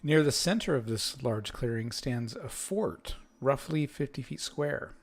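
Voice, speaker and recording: A man running a tabletop game as game master, setting each scene at an unhurried, deliberate pace. His narration halts on fillers and restarts as he reads out the surroundings. His voice sits at an ordinary middle pitch. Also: lively intonation. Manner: slow, halting narration with fillers.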